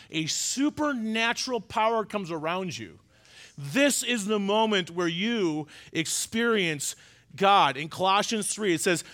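Man, middle-aged, pastor, sermon, emphatic, fairly high-pitched, loud then hushed. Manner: emphatic, swings between loud urgent stresses and quiet confiding asides. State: choked up.

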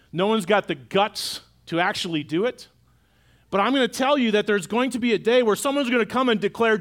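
A man's voice: sits high, a bit bright. A middle-aged man preaching a sermon in a church auditorium, in a conversational way that keeps asking the congregation questions. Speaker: pastor.

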